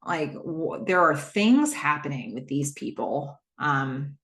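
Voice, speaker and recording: A woman hosting a podcast who retells a TV episode in a casual, animated way and acts out the characters' lines. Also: sits low, slow pace. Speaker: podcast host. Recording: roomy echo.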